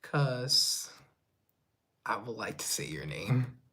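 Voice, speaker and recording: A young man from Colombia, talking casually to his viewers on a live stream at home. He rambles, greets people by name, and pokes fun at himself in an easygoing, mid-pitched voice. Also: animated, slow pace, pushed and bright. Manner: rambling, self-deprecating, chatty with viewers. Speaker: livestreamer and musician.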